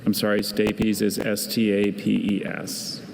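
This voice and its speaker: Gravelly-voiced man pronouncing spelling words. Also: on the low side, completely flat delivery, background noise. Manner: measured, patient, reads definitions carefully. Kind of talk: reading word information aloud. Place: large competition hall. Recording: hall reverb, faint ambience.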